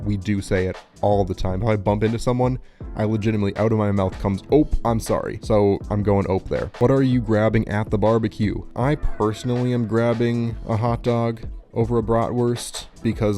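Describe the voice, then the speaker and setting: A channel host from Minnesota, a man with a lowish, warm voice, reads quiz questions aloud in a casual vlog chat. He rambles along, peppering his talk with lots of "like."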